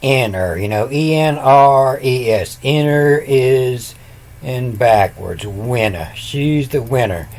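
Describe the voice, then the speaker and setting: A man's voice: mid-range voice, animated, takes it slowly, darkish tone. Man in his fifties, rambling language lecture. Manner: spells out words letter by letter, meandering. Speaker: self-taught ancient language teacher.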